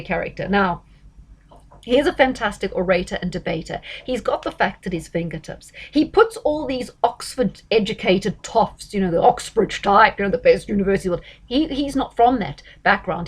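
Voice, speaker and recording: Chatty woman giving astrology commentary. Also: medium pitch. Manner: chatty and emphatic, with frequent fillers and self-corrections.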